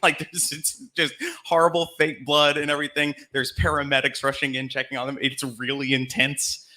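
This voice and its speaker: A man's voice: medium pitch, flat delivery, moderate pace, sharp tone. A man from Alabama hosting a live storytelling show on a theater stage, telling a comic story in a chatty way and laughing between lines. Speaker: host.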